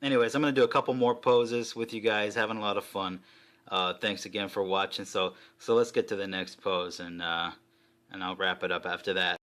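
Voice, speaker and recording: A man with a low-sitting, brisk voice chats casually and excitedly as he reviews a collectible figure, swearing now and then.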